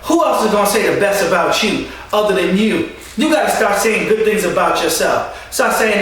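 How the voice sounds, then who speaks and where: A man's voice: sits high, normal speed, few pauses, a bit bright. A man speaking as a motivational speaker, urging listeners with emphatic, repetitive exhortation in a preaching style. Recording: echoey room from a distance, faint hiss.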